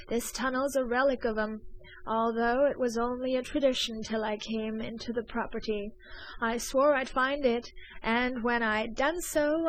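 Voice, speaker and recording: A woman puts on an excitable young gentleman smuggler in a storybook reading. His voice sits somewhat high, and he presses his case with urgent, pleading energy. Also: natural voice, rough recording. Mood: confiding.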